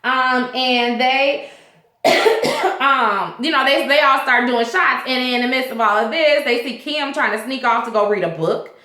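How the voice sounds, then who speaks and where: A woman's voice: high-pitched, measured pace, pushed and bright, roomy sound. A woman hosting a casual vlog that recaps a TV episode, talking in a rambling, chatty way with lots of fillers. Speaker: TV show reviewer, vlog host.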